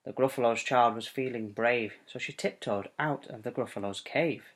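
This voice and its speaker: A father reading a rhyming bedtime storybook aloud to his child at home, in a gentle, sing-song way. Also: medium pitch, normal speed.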